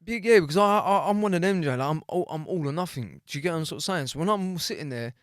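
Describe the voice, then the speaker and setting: Fast-talking man in his thirties. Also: fairly high pitch, clear, resonant tone, no echo, clean studio sound. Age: 30s. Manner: animated storytelling full of street slang and swearing. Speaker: podcast guest. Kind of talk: casual storytelling interview.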